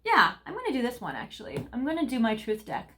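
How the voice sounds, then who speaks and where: A woman's voice: on the high side, wildly swooping pitch, fast talker, bright, forceful tone, slight background noise. A woman giving a casual tarot card reading, chatty and rambling, with lots of fillers. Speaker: tarot reader.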